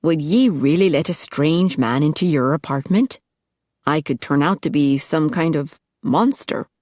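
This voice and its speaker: A woman's voice: low voice, measured pace, darkish tone, dry recording, clean studio sound. Woman reading a formal Scottish vampire man. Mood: wary. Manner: formal, old-fashioned speech. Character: centuries-old Scottish vampire warrior man, reserved.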